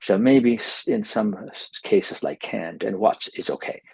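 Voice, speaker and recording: A man with a deep voice full of gravelly fry and a husky edge teaches in a dry, close recording. He presses his points home and comes back to his key advice more than once. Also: unhurried, a little mellow, dry recording, low-quality recording. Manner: emphatic, repeats key advice. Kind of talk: instructional video lesson.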